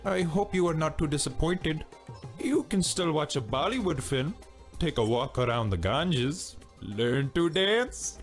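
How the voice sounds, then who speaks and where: An actor voicing a solemn, gloomy computer program in a video game, speaking in a formal, dramatic way. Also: male voice, a little high, animated, unhurried. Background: game music.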